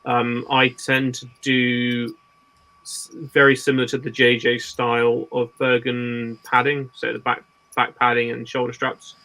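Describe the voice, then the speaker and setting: A man's voice: mid-range voice, monotone, a little slow, sharp tone, poor audio. A man being interviewed on a podcast, explaining his custom kit work in a practical, rambling way with restarts. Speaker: guest gear maker.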